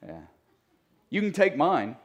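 Pastor, male, slightly higher voice; relaxed, joking sermon delivery in a church. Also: slow, lo-fi sound. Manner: conversational, joking asides to the congregation. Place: church sanctuary.

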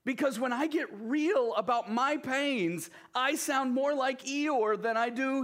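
A man preaching a sermon in a conversational way, often turning to the listeners with quick asides. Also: very high-pitched, fairly bright tone. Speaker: pastor.

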